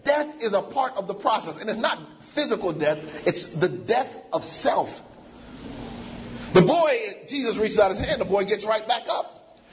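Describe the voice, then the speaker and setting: A man's voice: sits high, animated, unhurried, a little hiss or hum. A man preaching a sermon, emphatic and repetitive, drawing call-and-response from the congregation.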